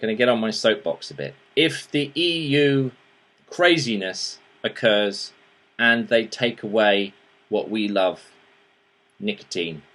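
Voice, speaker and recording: Slow and unhurried, this host reviews vaping gear in a relaxed show-and-tell, his somewhat low, slightly bright voice full of lively intonation. He chats and wanders with fillers and false starts, growing sincere and almost begging when he calls on viewers to act.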